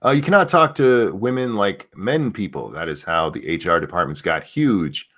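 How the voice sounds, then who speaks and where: A man's voice: deep voice, normal speed. A man hosting a casual chat show, rambling through crude jokes and reading out donations. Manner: loose rambling crude humor, animated. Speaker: show host.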